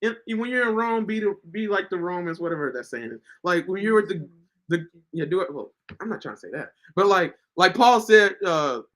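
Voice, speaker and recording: Male online Bible teacher, preaches casually and passionately, pitch swooping all over. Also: brisk. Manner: animated, rhetorical questions, bursts of shouting. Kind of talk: informal devotional preaching from scripture.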